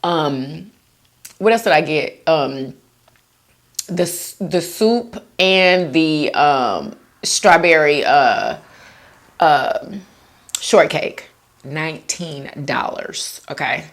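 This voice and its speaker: Laid-back woman doing a mukbang, reading comments, slow easy talk. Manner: chatty, reads viewer comments aloud; laid-back with lively swoops of pitch. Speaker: mukbang vlogger. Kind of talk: casual chat to viewers while eating.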